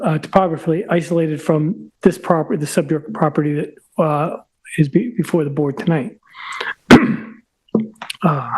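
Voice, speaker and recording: A man with a somewhat high voice presents a case before a local board. He is hoarse, as if losing his voice, and talks in a halting way, often restarting words and clearing his throat. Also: a little mellow, low-quality recording. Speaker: applicant's representative at a zoning hearing. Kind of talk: formal presentation at a public meeting.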